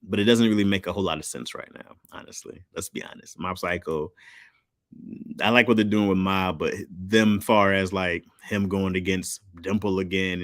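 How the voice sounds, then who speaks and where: A man's voice: sits low, dry recording, clean studio sound. A man streaming live, chatting casually in loose slang and answering chat. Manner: loose slangy talk, reads chat aloud.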